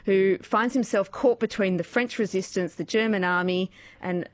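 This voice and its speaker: A woman's voice: mid-range voice, moderate pace, no room sound. Laughing woman radio host. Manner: bubbly, laughs often, jokey asides. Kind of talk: casual radio chat.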